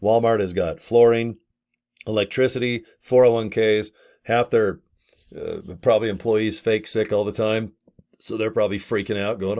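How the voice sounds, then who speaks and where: A man's voice: lowish voice, little pitch movement, moderate pace, a little mellow. Folksy, blunt man in his fifties. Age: 50s. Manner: folksy and blunt, mild swearing, rambling asides. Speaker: network marketing affiliate. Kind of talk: casual to-camera sales chat.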